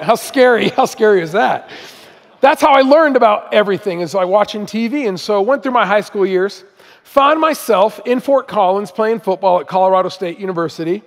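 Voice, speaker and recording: A middle-aged man from Southern California, a missionary guest speaker telling his story in a conversational, humorous sermon. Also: high-pitched. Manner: conversational, humorous, self-deprecating. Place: church auditorium. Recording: long hall reverb.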